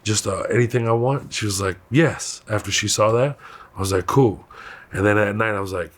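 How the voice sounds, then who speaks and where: A man with a Houston Texan accent telling stories from his youth in a candid interview, animated and laughing often. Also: lowish voice, fast. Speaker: comedian guest.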